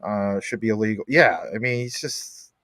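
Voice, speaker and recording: A man's voice: lowish voice, normal speed, a bit bright, no room sound, clean studio sound. A man hosting a casual livestream, upbeat as he reads viewer comments aloud. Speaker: livestream host.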